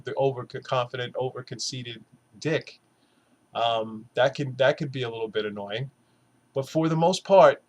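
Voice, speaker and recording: A man recording a casual motivational vlog, blunt and earnest, swearing often as he urges viewers to go easy on themselves. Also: mid-range voice. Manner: blunt, heavy swearing, earnest pep talk. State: three months after surgery. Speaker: weight-loss vlogger.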